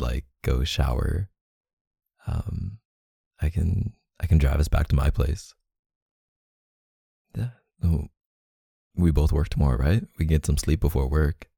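Male, deep husky murmur, dark tone; intimate audio role-play, close and unhurried. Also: no room sound. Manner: soft, close, murmuring partner voice.

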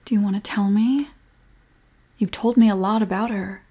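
A young woman in a whispered role-play as a comforting girlfriend, speaking softly and protectively. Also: mid-range voice, fairly even intonation, normal speed. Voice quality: breathy.

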